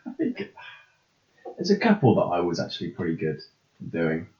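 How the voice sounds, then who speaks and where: A man's voice: sits low, wildly swooping pitch, moderate pace, darkish tone. A man co-hosting a podcast in casual chat, rambling and hesitant with frequent ums. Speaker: podcast co-host. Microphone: podcast microphone. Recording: roomy, slightly dull lo-fi sound.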